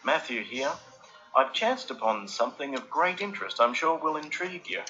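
A man's voice: medium pitch, lively intonation, moderate pace, sharp tone, dull audio, faint music behind, voice pushed up. A man playing a jovial, hearty chum. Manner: hearty, chummy, formal. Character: jovial male friend on the telephone.

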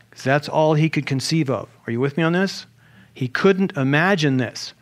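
Animated male pastor preaching. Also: a little high, normal speed. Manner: animated, rhetorical questions, humorous asides. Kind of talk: sermon.

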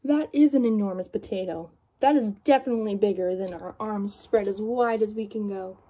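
A young woman reading a picture book aloud to children, in an animated storytelling manner and asking her young listeners questions. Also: medium pitch, moderate pace.

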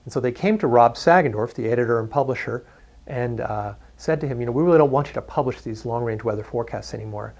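A man's voice: medium pitch, fast talker, a little mellow, dull audio. Man recounting history with hesitant ums. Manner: hesitant storytelling with frequent ums. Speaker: documentary interviewee. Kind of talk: documentary interview.

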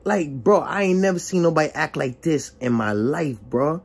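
A young man tells a story from his own life in a casual, animated way, and his pitch leaps around as he acts out what people said. His voice is a little husky, with a soft breathiness to it. He keeps slipping into quoted dialogue, full of exclamations. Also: moderate pace. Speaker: vlogger telling a personal story.

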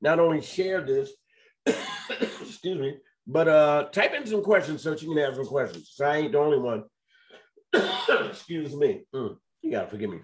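A man hosting a casual live online interview, lively and playful, with loose, colloquial speech. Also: a little high, moderate pace. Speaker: host of a live online show.

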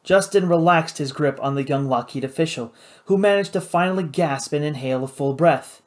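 Guy narrating an audiobook, steady and measured, slightly high voice. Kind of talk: scripted narration.

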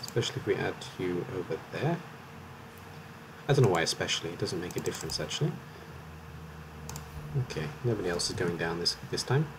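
A man's voice: low voice, lively intonation, fairly quick, long pauses, noisy background. A man from Wales with a slight Welsh accent, commentating live on his game in a chatty, rambling way and often correcting himself. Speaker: streamer.

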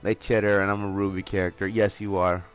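A man's voice: deep voice, a little fast, clear, resonant tone. A man streaming a monster hunting game live, chatting casually with a friend, cursing a lot and laughing, with faint music behind. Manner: profane, excitable, laughs often. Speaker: gaming streamer. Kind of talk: casual live gameplay chat.

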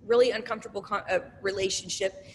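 A middle-aged woman who owns a small business, telling stories in a casual, animated interview and acting out the voices of people she quotes. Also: medium pitch, fast, big-room sound, a little hiss or hum. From Oklahoma. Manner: animated, acts out quoted voices, tearful at times.

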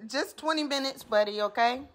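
A woman's voice: high-pitched, very animated, unhurried, crowd noise. A woman filming a casual family vlog at home on her phone, teasing and chanting playfully. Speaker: vlogger. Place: home indoors. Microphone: handheld phone. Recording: noisy home phone recording.

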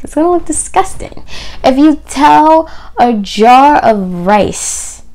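A woman's voice: on the high side, a little mellow. A woman talking openly to camera about her faith, with emphatic phrasing that keeps dropping to a near whisper. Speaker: video host. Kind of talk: personal faith talk to camera.

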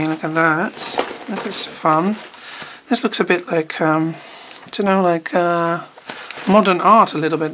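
A woman chatting casually while unboxing art supplies, rambling and often trailing off mid-sentence. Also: fairly low pitch. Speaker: art teacher. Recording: noticeable background noise.

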